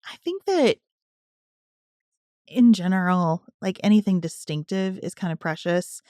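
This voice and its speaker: A woman co-hosting a podcast, telling stories in a casual, animated way. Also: lowish voice, measured pace, no room sound, clean studio sound. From Southern US. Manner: storytelling, animated when quoting others. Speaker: podcast co-host. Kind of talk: casual conversational podcast chat.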